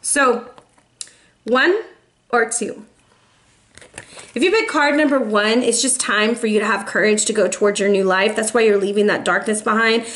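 Woman, tarot reader, casual, encouraging, emotional, fairly high pitch. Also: moderate pace, long pauses, fairly bright tone. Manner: chatty, encouraging, calls viewers baby. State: emotional, close to tears. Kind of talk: casual tarot reading to camera.

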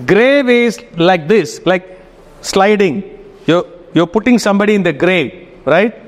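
A man's voice: high-pitched, lively intonation, unhurried. A man giving a casual classroom lecture, often checking in with his students. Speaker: teacher. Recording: reverberant hall.

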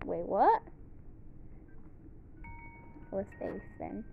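A woman reading all the parts of a homemade drama, switching roughly between character voices. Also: high voice, animated, slow, long pauses, muffled recording, slight background noise.

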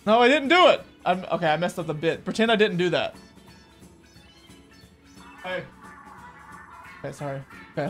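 During a live gaming session, a streamer chats casually in a medium-pitched voice, excitable and rambling, frequently stammering and repeating words.

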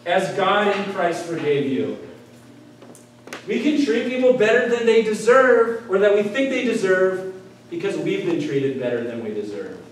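A man's voice: high voice, lively intonation, a little slow, a little hiss or hum. A male pastor preaching a sermon in a conversational way, tossing out rhetorical questions and checking in with "right?". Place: church sanctuary. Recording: echoey room heard from a distance.

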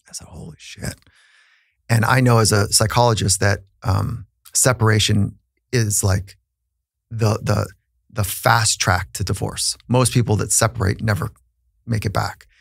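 A man's voice: on the low side, fairly even intonation, unhurried, vocal fry, dry recording, studio quality. A man who is a psychologist, telling a personal story in an earnest, reflective way on a podcast, with frequent restarts.

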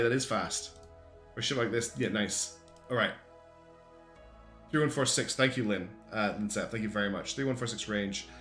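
A man's voice: mid-range voice, fairly bright tone. A man giving casual livestream commentary, chatty and thinking aloud with lots of ums and restarts. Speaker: streamer reviewing community game designs. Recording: roomy echo with faint guitar music behind.

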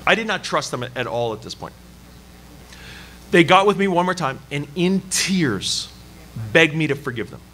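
Male pastor, Canadian-raised, animated self-deprecating sermon storyteller, slightly high, bright tone. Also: moderate pace, long pauses, a little hiss or hum. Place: church service.

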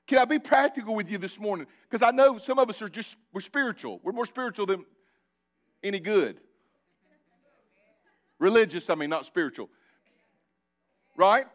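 A male pastor preaching a sermon, building repeated phrases and dropping into quiet asides. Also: expressive, normal speed, long pauses. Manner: preaching with sudden drops to a low conversational aside.

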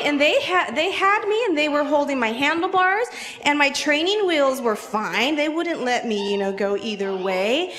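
High-voiced woman telling kids a story. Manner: lively, animated, talks to the kids directly. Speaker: children's storyteller. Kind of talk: children's story at a church program. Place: church.

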